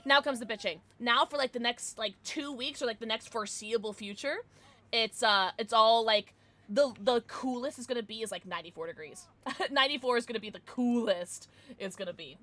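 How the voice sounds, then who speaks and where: A woman's voice: on the high side, a little fast, sharp tone. A young woman, streaming a game and chatting casually with her viewers, rambling and swearing as she plays. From Midwestern United States. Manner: chatty, rambling, swears and reads chat aloud. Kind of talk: casual live-stream chat while gaming.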